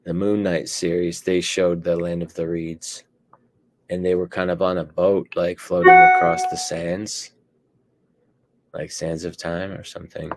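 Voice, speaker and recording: A man with a very deep, gravelly voice talks in a slow, level drawl. He pauses often and fills the gaps with hesitant "uh"s and "um"s. He sounds like a panelist in a casual discussion. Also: little pitch movement, faint music behind. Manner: hesitant, many fillers and pauses.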